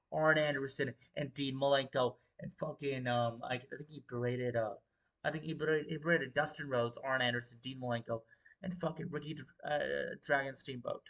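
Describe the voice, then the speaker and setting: Young male livestream host, loose and profane, rambling commentary, mid-pitched voice. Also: fairly bright tone. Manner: profane, rambling, repeats filler words. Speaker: wrestling show host.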